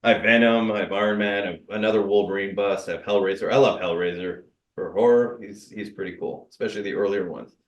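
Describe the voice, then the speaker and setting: A martial arts expert appears as a guest on an interview show, telling stories candidly and rambling with fillers and restarts. His voice is on the low side and he talks fast, with the highs cut off.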